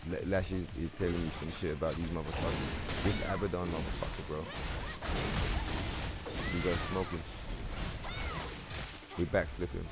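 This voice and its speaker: A man's voice: low-pitched, little pitch movement, normal speed, pauses often, over loud music. A young man from London with a London accent, chatting casually on a gaming stream in loose slangy banter, answering his chat and swearing freely.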